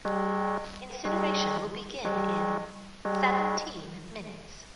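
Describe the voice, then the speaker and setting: A woman's voice: medium pitch, slow, lightly acted. A woman voicing a creepy cold computer announcer. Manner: flat, mechanical, announcing warnings. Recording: echoey distant hall over loud music.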